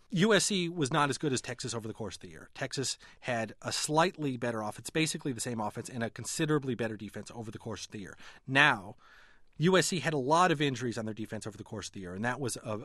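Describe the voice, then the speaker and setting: A man's voice: medium pitch, a bit bright, no echo, clean studio sound. A man who writes about politics and sports, talking analytically as a radio interview guest and often restarting his sentences. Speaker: magazine editor and writer, guest.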